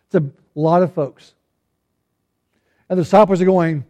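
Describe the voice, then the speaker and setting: Folksy preacher, mellow higher male voice. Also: unhurried, pauses often. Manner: folksy and humorous, with rhetorical questions to the congregation; frequent restarts and repeated words. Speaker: pastor. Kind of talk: conversational sermon.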